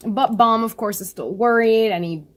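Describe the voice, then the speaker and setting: A woman in a casual, animated chat, reading and reacting to a comic chapter, laughing often and swearing casually. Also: on the high side, normal speed. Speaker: webcomic chapter reviewer.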